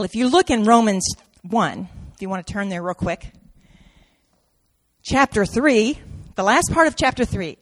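A woman preaching a sermon with great drama, dropping to near-whispers and rising to shouts. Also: mid-range voice, big-room sound. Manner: dramatic, swings from soft to shouting, acts out quotes.

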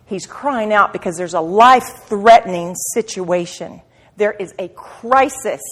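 A woman preaching a sermon at a women's meeting, impassioned, swinging from quiet asides to loud cries and repeating phrases for emphasis. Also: a little high. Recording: long hall reverb.

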